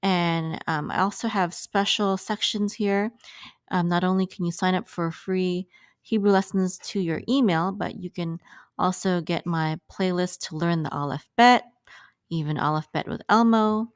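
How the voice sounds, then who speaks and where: Low-voiced woman, dry close sound. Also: measured pace, no echo. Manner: chatty, thinks aloud with fillers. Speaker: teacher promoting her website. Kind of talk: casual outro announcement.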